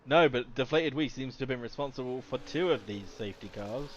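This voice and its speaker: A man commentating live on an online racing league, lively and prone to sudden excited outbursts. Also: mid-range voice, a little fast, dull audio, a little hiss or hum. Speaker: race commentator.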